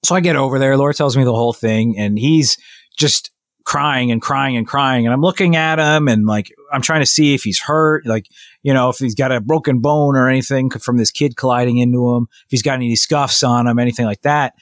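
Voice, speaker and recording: A man casually telling a long story on a podcast, animated and full of restarts, acting out what people said. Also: medium pitch, a little fast, dry recording, studio quality. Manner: rambling, animated retelling with many restarts and quoted voices. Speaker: podcast co-host.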